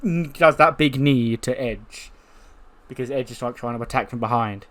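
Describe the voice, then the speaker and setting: Give me a man doing animated, casual game commentary at a medium pitch. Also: normal speed. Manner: animated, recapping with lots of fillers. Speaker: gaming video host.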